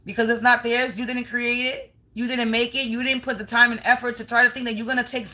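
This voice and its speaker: A woman's voice: on the high side, level tone, fairly quick, few pauses, bright, forceful tone. A woman doing a live energy reading, speaking bluntly and with a lot of profanity, calling her viewers "Collective" and rambling through long lists of words. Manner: talks straight to viewers as "Collective". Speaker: spiritual energy reader. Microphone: streaming live on camera.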